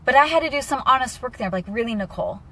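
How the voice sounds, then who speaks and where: Young woman, personal vlog, candid, emotional, bright tone. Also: high-pitched, quick pace. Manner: candid and emotional, lively asides. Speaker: vlogger. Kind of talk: personal talk to camera.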